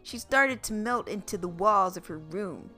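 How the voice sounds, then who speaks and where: A woman's voice: mid-range voice, animated, moderate pace, pushed and bright, faint music behind. A woman podcast host reading a children's book aloud, playful and adding comic asides. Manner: playful, laughs at her own asides.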